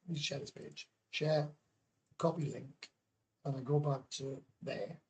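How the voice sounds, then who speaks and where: Chatty Welsh man, husky voice. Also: medium pitch, fairly even intonation, unhurried, a little mellow. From Wales. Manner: chatty, blunt, swears casually. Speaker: livestream host. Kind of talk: casual livestream chat. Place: home in Thailand.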